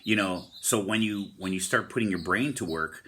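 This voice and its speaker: Upbeat low-voiced man, bright tone. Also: normal speed, a little hiss or hum. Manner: upbeat, encouraging, repetitive; uses surfer slang like "stoked". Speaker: vlogger giving a motivational talk. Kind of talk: casual motivational monologue. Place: Hawaii.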